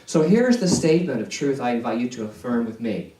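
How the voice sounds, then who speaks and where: A male minister preaching a sermon in a slow, deliberate way, repeating key phrases for emphasis. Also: mid-range voice, expressive, mellow. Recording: echoey church hall, distant mic.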